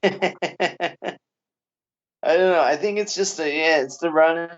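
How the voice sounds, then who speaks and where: A man's voice: fairly high pitch, slow, dull audio. A man co-hosting a comedy podcast, rambling and hesitant in casual banter. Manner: rambling, hesitant, lots of restarts. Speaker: podcast co-host.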